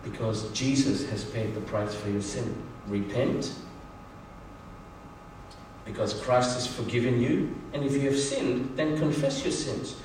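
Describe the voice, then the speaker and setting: A man's voice: mid-range voice, unhurried, darkish tone, a little hiss or hum. A male pastor preaching a sermon in a church, earnest and exhorting, telling a story to the congregation. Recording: echoey church from far off.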